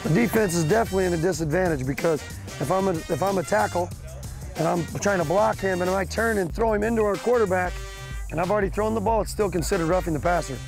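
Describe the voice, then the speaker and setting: A man's voice: high-pitched, fast, vocal fry, music in the background. Earnest young man explaining rules. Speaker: football player explaining rules.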